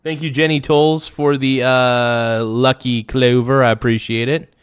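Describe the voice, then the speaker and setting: Male livestream host, mid pitch, casual and hyped, swears a lot, chats off the cuff. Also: measured pace, smooth. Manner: excitable, swears often, reads out viewers' names to thank them.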